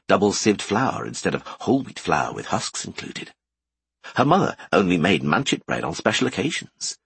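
A man narrating a fantasy audiobook with expressive storytelling. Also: fairly low pitch, husky, no room sound.

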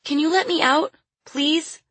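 A woman's voice: high-pitched, measured pace, fairly bright tone, no echo, pitched above the performer's own voice. A woman voicing a frightened little girl, with a small pleading voice. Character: scared little girl locked in a cage.

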